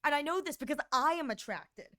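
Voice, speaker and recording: A young woman streamer chatting casually and telling animated stories to her viewers, often laughing. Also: high voice, brisk. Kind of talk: casual livestream chat.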